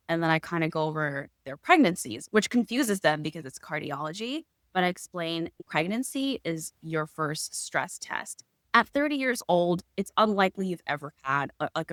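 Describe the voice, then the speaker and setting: A young adult woman, a cardiologist guest in an interview, explaining things gently and acting out quotes from patients. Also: fairly low pitch, no room sound, clean studio sound. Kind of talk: conversational interview.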